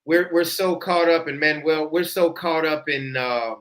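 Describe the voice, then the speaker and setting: Bright, rambling man in casual chat. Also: a little high, a little slow. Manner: rambling, repeats himself, fillers.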